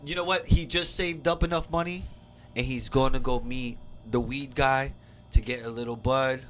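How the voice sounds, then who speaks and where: A man's voice: mid-range voice, fairly even intonation, normal speed, a bit bright, a little hiss or hum. A man co-hosting a casual podcast chat, joking around in a loose, rambling way with repeated fillers. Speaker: podcast co-host.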